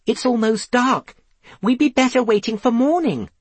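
Guy doing a squeaky nervous little fella, shrinking and fretful. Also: lively intonation, moderate pace, husky, no room sound, full character voice. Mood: fearful. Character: timid short-legged little man.

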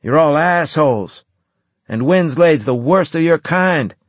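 A man playing a freshly revived soldier, raspy and slurring, crude and belligerent. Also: fairly high pitch, lively intonation, measured pace, no room sound, pitched above the performer's own voice. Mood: hostile.

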